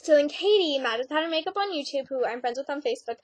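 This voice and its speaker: A teenage girl talks straight to the camera in a loose, rambling way, filling her sentences with "like" and "um". Her voice sits high, and the sound is close and dry with no room echo. She keeps a sarcastic edge as she goes. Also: lively intonation, fast talker. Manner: chatty, sarcastic, many "like"s and "um"s. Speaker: vlogger. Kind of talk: casual vlog rant.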